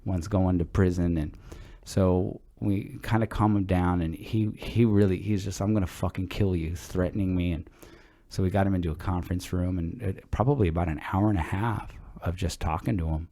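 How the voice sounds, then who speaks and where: A middle-aged man with a fairly low voice, co-hosting a casual chat podcast. He tells long stories in a loose, rambling way, dropping swear words as he goes. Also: moderate pace. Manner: relaxed, rambling, swears freely. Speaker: podcast co-host.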